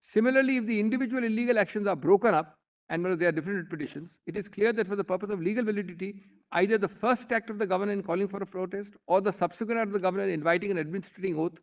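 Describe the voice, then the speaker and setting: Arguing in a courtroom, a senior advocate with an Indian English accent speaks formally and emphatically before the bench, frequently saying "my lords" to the judges. He has a high, slightly bright voice and talks fast.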